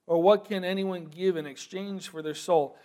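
A man preaching a sermon, moving from quiet, thoughtful asides to loud, emphatic proclamation. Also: sits high, fairly even intonation, normal speed.

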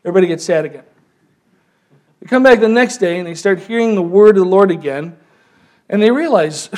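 A man preaching a sermon as pastor, telling the story with lively, animated delivery and acting out voices. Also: high-pitched, moderate pace.

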